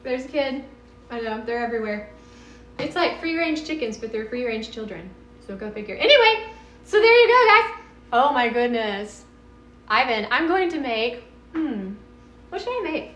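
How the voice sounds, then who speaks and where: A woman's voice: a little high, normal speed, reverberant, a little hiss or hum. A woman with a Texan accent chatting casually in her home kitchen during a live cooking stream, bubbly and meandering as she talks to viewers. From Texas.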